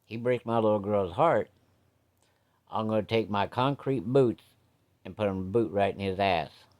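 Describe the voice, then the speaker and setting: A man puts on a hot-tempered father who roars threats and curses. His voice jumps up high and loud, loose and gruff. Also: measured pace, close to an everyday voice. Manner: cussing, loud, blustering threats. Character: hot-tempered blustering working-class father.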